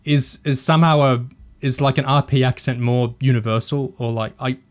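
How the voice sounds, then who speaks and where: A man's voice: medium pitch, level tone, normal speed. Opinionated man on a podcast. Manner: hesitant, restarts often, opinionated. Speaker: podcast co-host. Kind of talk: casual discussion podcast.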